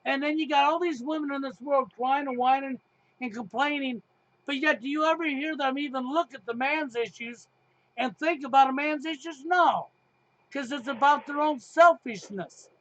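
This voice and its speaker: A middle-aged man hosts a heated talk show in a very high voice. He talks emphatically, with sarcasm and frequent swearing. The sound is dry, with no room echo. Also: normal speed, a bit bright, highs cut off. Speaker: podcast host.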